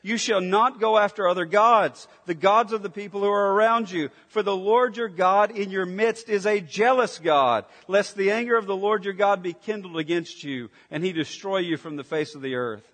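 A man's high, bright preaching voice rings out through a large hall with a long tail of reverb. He delivers a sermon with emphatic weight. He sinks into hushed, near-whispered intensity, then presses forward with forceful declarations. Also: normal speed, hardly any pauses.

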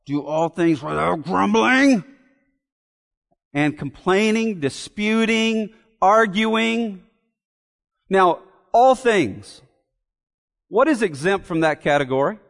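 A man's voice: sits high, expressive, slow, vocal fry, fairly bright tone, in a large hall. A man preaching an expository sermon in an earnest way, repeating key phrases and asking rhetorical questions. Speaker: pastor.

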